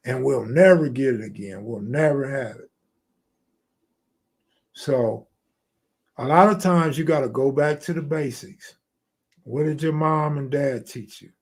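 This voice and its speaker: A man in the middle of his own live stream, talking loosely and slangily as he answers comments from chat. His pitch is average for a man, and his chat is unscripted and easygoing. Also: unhurried, pauses often, a little mellow, husky.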